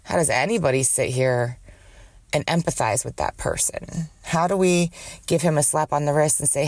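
A woman's voice: deep voice, moderate pace, a little mellow, no echo. A woman hosting a candid solo podcast with a cold and a smoker's cough. She talks in a rambling, profane way and jumps from thought to thought. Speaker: podcast host.

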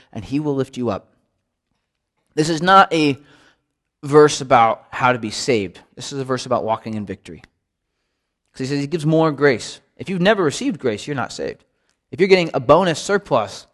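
Conversational man preaching a Bible study. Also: a little high. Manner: conversational, repeats words when stressing a point. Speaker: pastor. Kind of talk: midweek Bible study sermon.

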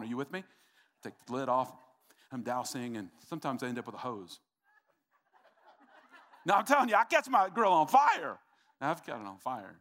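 A man's voice: medium pitch, fairly bright tone. A middle-aged man preaching a sermon, emphatic and repetitive, calling out to the congregation. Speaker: pastor.

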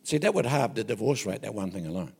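An older Australian preacher tells homespun stories with jokes and frequent self-interruptions. His somewhat high voice is gravelly and husky and swoops up and down with energy. The sound rings with a long echo, as in a large hall. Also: expressive, quick pace, darkish tone. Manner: folksy and joking, with self-interruptions. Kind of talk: anecdotal sermon.

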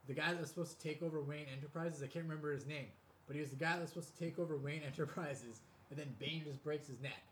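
A man's voice: a little high, steady tone, fast talker, fairly bright tone, slight background noise. A man casually rambling through a movie review with friends, swearing and restarting his sentences.

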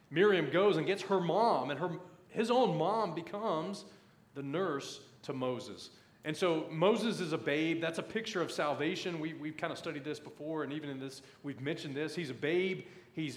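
A man's voice: a little high, reverberant. A man in his thirties preaching a sermon, folksy and conversational, often saying "man" as he tells family stories. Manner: folksy, says "man" often, pulpit storytelling. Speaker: pastor.

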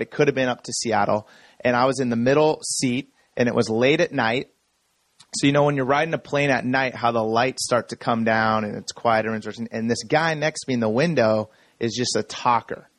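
A man in his thirties giving an energetic, story-driven sermon talk to a room full of people. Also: mid-range voice, brisk, dry recording. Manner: energetic storytelling, self-described talker. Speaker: speaker. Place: room with audience.

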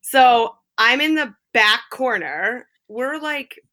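Bright-voiced dramatic woman telling a story. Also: on the high side, takes it slowly. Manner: animated, dramatic storyteller acting out quotes. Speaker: guest. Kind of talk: casual storytelling interview.

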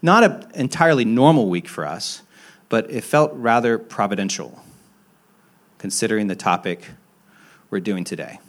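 A young pastor preaches at normal speed with lively intonation and frequent pauses, telling honest, self-deprecating stories. His sentences often restart, and he moves between emphatic rises and quiet, low asides.

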